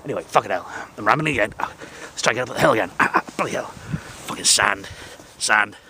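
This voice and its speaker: A man's voice: fairly low pitch, expressive, quick pace, pushed and bright, slight background noise. Rambling, crude Northern English man outdoors. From England. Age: 40s. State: out of breath. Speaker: vlogger. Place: sand dunes by the sea, outdoors.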